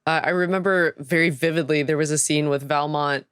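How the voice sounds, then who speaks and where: Smooth-voiced enthusiastic podcast co-host. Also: medium pitch, steady tone, brisk, a bit bright, dry recording, clean studio sound. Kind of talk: casual chat.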